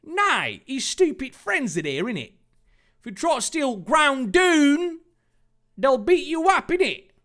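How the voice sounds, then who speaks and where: A man's voice: extremely high pitch, sing-song, measured pace, a bit bright, voice pushed up, exaggerated voice. A man voicing a brash young male cockney thug with a put-on British accent. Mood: mocking.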